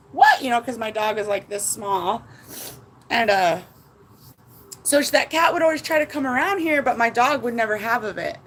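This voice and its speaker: A woman talks to her viewers from home in a high voice with a gravelly edge. She rambles through her feelings, swears freely and sounds close to tears. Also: a bit bright, slight background noise, low-quality recording. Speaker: vlogger. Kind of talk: casual chat to viewers. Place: at home indoors.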